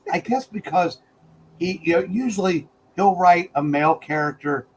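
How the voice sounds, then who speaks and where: Dude co-hosting a chat, blunt, rambly, says you know a lot, faint hiss behind. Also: male voice, high-pitched, moderate pace, rough recording. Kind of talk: casual chat.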